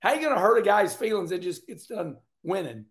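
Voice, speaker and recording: A man's voice: high-pitched, sing-song, a little fast, reverberant. A man, hosting his own racing commentary show in a casual, folksy way, repeating himself and laughing often.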